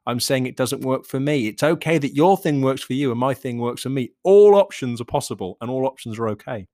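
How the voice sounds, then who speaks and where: A man's voice: medium pitch, expressive, fairly quick, a little mellow. A man talking alone on his own podcast, reflective and rambling, swearing casually and often laughing. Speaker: podcast host and coach. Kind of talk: solo podcast monologue.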